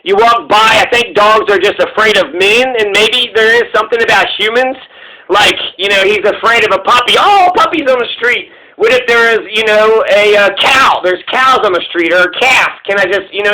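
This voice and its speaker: A man's voice: high-pitched, a little fast, background noise. A man telling meandering, profane personal stories and acting out the voices of other people. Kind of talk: rambling personal storytelling.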